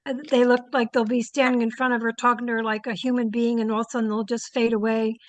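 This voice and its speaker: Middle-aged woman, psychic guest, anecdotal storytelling, high-pitched, dry close sound. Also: fast, dry recording, rough recording. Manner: animated anecdotes with many fillers. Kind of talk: storytelling interview answers.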